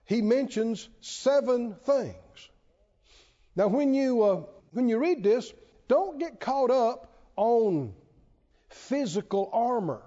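A man preaches in church at a slow pace, his voice extremely high, expressive, and mellow. Emphatic and repetitive, he keeps asking the congregation questions. The sound is dull and lo-fi, with church hall reverb.

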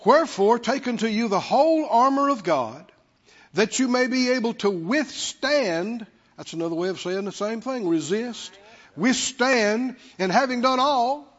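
A male pastor with a very high voice preaches slowly and emphatically, repeating key words and calling on the congregation to answer back. His voice rings through a long hall reverb in a church sanctuary, and the recording sounds dull and lo-fi. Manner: emphatic, repetitive call-and-response with the congregation. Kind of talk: sermon.

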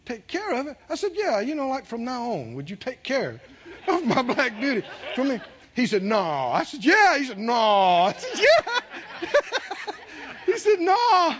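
In a dull lo-fi sermon recording with a little hiss or hum, a man with a very high voice preaches at normal speed. He animatedly tells a story, laughs as he goes, and calls out to the congregation.

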